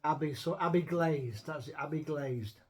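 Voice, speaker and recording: A man talking in a casual, rambling rant. His voice sits high for a man. He is blunt and swears freely, often restarting his sentences. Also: moderate pace. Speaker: show host. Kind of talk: casual chat.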